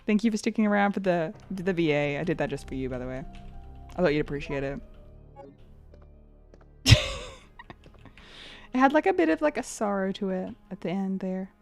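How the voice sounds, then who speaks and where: A woman's voice: medium pitch, sing-song, normal speed, vocal fry, pauses often, darkish tone, soft background music. A woman streamer chatting casually while she plays a game. She is playful, laughs often and swears now and then. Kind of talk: casual live-stream chat while gaming.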